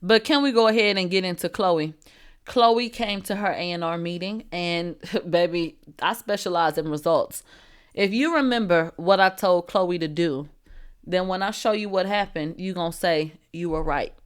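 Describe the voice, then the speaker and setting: A woman hosting a celebrity gossip livestream. She talks in a brash, profane way, laughs, answers her chat, and swings from low asides to loud outbursts. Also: normal speed, clean tone. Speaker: host of a celebrity gossip show. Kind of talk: livestream entertainment gossip commentary.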